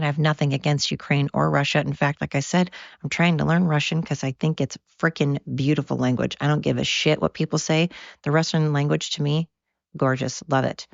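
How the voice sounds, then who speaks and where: A tired American podcast host rambles through a casual monologue, cursing freely and drifting from tangent to tangent. The voice has a gravelly texture. The recording is dry and dull, with a muffled lo-fi sound. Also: mid-range voice, no echo. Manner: rambling, profane, goes off on tangents. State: tired from overwork.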